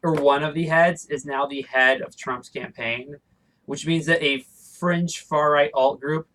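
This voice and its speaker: A young man co-hosts a loose political chat, rushing through his points with plenty of "like" and "um". His voice sits a little above the usual male range. Keyboard typing can be heard faintly behind him. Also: on the high side, fairly even intonation, a bit bright, rough recording. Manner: talks fast with many fillers and restarts. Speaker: podcast co-host.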